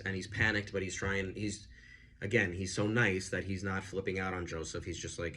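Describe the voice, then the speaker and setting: A man chatting casually as he reviews a film, animated and full of fillers. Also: low voice, normal speed, slight background noise.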